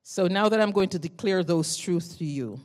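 In a voice on the low side, at normal speed, a woman preaches a loud and fervent sermon from the pulpit. She alternates between easy storytelling and surging emotion, speaking personally and directly to each member of the congregation.

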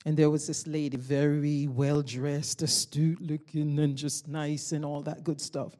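A woman giving a spoken testimony to a congregation, telling a story with lively swings from loud exclamations to hushed tones and frequent laughter. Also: deep voice, measured pace. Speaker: church member giving testimony.

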